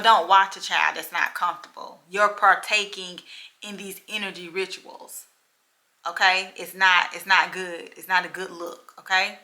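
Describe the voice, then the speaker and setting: A woman's voice: medium pitch, bright, forceful tone. A woman medium talking casually and emphatically to her viewers, repeating her key points and checking in with them often. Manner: addresses viewers directly with frequent checks. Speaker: spiritual medium. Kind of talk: casual vlog monologue to viewers.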